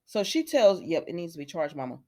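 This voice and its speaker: A woman with a lowish voice recaps soap opera episodes a little fast, chatty and addressing her viewers as y'all. She's talkative and lively, full of asides, acting out quoted lines and laughing.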